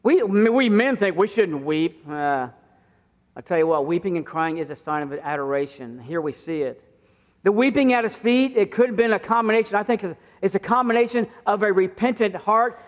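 Middle-aged male pastor, high-pitched, conversational sermon, muffled recording with long church reverb. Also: animated, normal speed. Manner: conversational preaching, acting out quoted voices with rising pitch. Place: church sanctuary.

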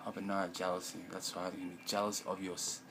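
A man's voice: deep voice, monotone, fast talker, heavy background noise. A man rambling in a profane vlog monologue at home, often mumbling.

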